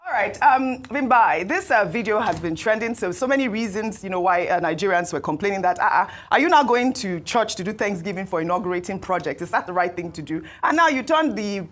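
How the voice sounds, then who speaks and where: A woman with a mid-range voice presents the news, then chats with a guest in a brisk, conversational way. She sounds like a news presenter. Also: medium pitch, lively intonation.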